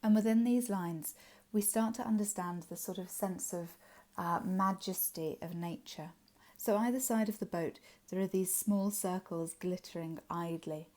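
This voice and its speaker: An English woman gives a poetry revision lesson in a low, mellow voice. She explains each line patiently and fills her pauses with ums and uhs as she works through the text. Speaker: literature teacher.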